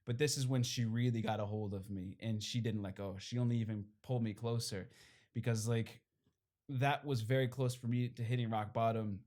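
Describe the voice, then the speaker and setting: A man's voice: mid-range voice, fairly even intonation, normal speed, a little mellow. A young man, a priest, telling his own story in a rambling, candid way full of fillers and short laughs. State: briefly tearful. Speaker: priest giving his testimony. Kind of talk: personal testimony at a fireside talk.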